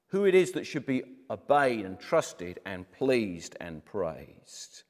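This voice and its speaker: A man's voice: lowish voice, sing-song, slow, hardly any pauses, a little mellow. A man teaching a Bible lesson, retelling the story dramatically and speaking to his viewers directly. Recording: reverberant room.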